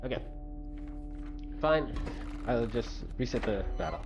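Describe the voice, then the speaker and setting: A man streaming a card game, thinking aloud and reacting quickly in casual commentary. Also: medium pitch, expressive. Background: game music.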